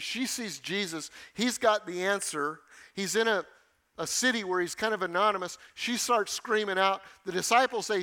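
A man's voice: high-pitched, pushed and bright. A middle-aged man preaching a sermon with emphatic delivery, repeating key phrases for weight. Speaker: pastor.

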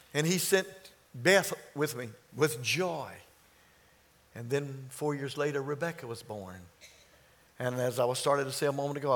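A man in his sixties preaching, telling stories and slowing down on key phrases. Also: medium pitch. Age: 60s. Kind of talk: sermon storytelling.

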